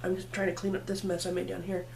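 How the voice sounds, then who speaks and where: This makeup vlogger's lowish, darkish voice has vocal fry and a completely flat delivery at a quick pace, with slight background noise. She still chats playfully through her casual tutorial, talking to herself as she works.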